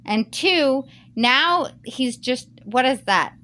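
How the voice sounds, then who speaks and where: A woman's voice: high-pitched, expressive, slow, few pauses, pushed and bright. A woman who reads a Reddit post aloud and then reacts to it in a heated, emphatic rant. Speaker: YouTuber reading Reddit posts.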